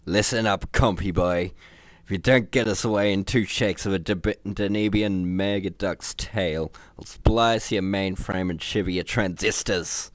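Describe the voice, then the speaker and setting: Man voicing a gruff growling space mentor, low voice, dry close mic. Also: steady tone, takes it slowly, no echo. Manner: growling, calls others lad and matey.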